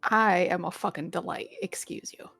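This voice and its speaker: A woman's voice: on the low side, steady tone, moderate pace, creaky, fairly bright tone, faint music behind. A woman playing a tabletop role-playing game, playful and swearing casually. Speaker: player.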